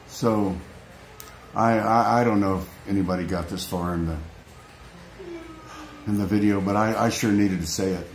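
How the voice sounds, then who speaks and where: A man vlogging off the cuff, earnest and rambling, often restarting and repeating his phrases. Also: deep voice. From United States. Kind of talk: emotional unscripted vlog rant. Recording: echoey room, faint background noise.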